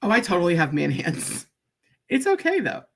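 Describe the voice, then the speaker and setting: A woman's voice: fairly low pitch, huge pitch swings, normal speed, husky. A woman chatting on a live stream while she cuts paper crafts, blunt and joking, often laughing and tagging her sentences with "right?".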